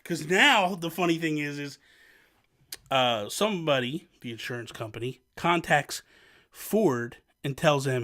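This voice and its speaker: A man's voice: a little high, measured pace. A young man from New Jersey telling a self-mocking story to camera, acting out what others said. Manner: animated, self-mocking, acts out quotes. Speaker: vlogger.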